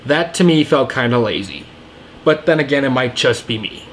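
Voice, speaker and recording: A man's voice: medium pitch, fairly bright tone, a little hiss or hum. A young man giving a casual, rambling film review, enthusiastic and full of fillers and restarts. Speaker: movie reviewer.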